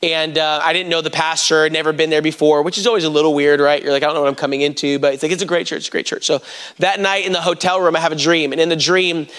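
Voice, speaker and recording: A man's voice: on the high side, flat delivery, fast, fairly bright tone, smooth. A man preaching a sermon, telling stories and talking straight to the congregation. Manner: storytelling, addresses the congregation directly.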